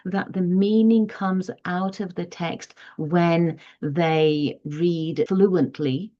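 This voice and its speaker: Woman, teacher explaining to parents, slow and deliberate, low-ish voice, dull lo-fi audio. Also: fairly even intonation. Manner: measured, explanatory, demonstrates reading aloud. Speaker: teacher giving parenting advice. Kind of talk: instructional talk to parents.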